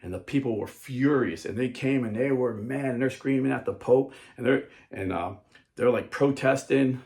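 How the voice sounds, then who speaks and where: Male host, mid-pitched, earnest and chatty, acts out quotes. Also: moderate pace, vocal fry. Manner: earnest, conversational, animated; frequent fillers and restarts, quotes people in put-on voices. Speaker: podcast host. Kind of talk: casual commentary.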